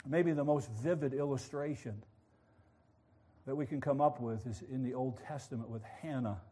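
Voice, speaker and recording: A man preaching a sermon, telling a story with animated passion. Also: mid-range voice, normal speed. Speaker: pastor.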